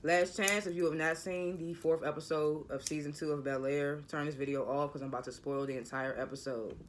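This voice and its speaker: A man's voice: a little high, steady tone, a little fast, a little hiss or hum. A man casually recapping a TV episode, stuttering and repeating words as he rambles. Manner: rambling, loose and conversational. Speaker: TV episode reviewer.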